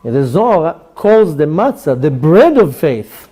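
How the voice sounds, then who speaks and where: The rabbi speaks slowly in a fairly high voice while teaching Torah to a live audience. His manner is animated, and he acts out little exchanges as he goes.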